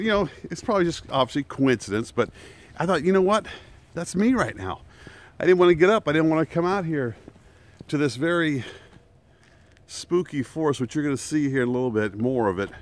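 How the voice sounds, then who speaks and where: A man live-streaming a walk outdoors in a wooded park, talking casually through a camera on a selfie stick. He chats and laughs often, and jokes about the danger around him. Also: on the high side.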